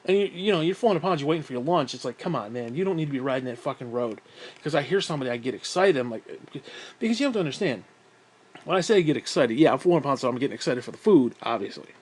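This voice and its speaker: A man's voice: mid-range voice, expressive, quick pace, darkish tone, slightly rough. A man telling a rambling story in a casual monologue, swearing often, exasperated and mocking himself, with frequent sighs. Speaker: vlogger.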